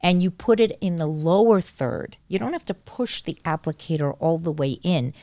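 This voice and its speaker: A middle-aged woman with a low voice talks as a doctor, stressing and repeating the points that matter. Her voice is close and dry, with no room sound. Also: expressive, moderate pace, warm tone, no room sound. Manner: emphatic, repeats key points. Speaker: gynecologist guest. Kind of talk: casual medical conversation.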